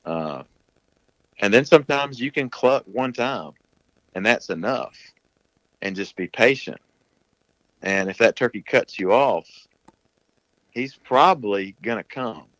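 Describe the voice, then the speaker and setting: A man's voice: lowish voice, expressive, slow, pauses often, fairly bright tone, no room sound, poor audio. A man talking casually as a podcast guest, explaining at length in a plain-spoken way. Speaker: guest, turkey hunter.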